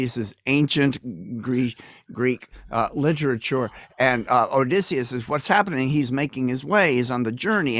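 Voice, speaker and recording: A man's voice: medium pitch, no room sound, studio quality. A man singing a comic folk song and retelling it as a rambling, punning story on a livestream. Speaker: folk singer-songwriter.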